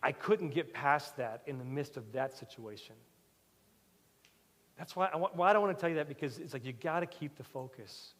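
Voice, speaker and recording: Man, pastor, sermon, animated storytelling, mid-pitched voice, long church reverb. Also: normal speed. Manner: animated storytelling, swinging loud and soft. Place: church sanctuary.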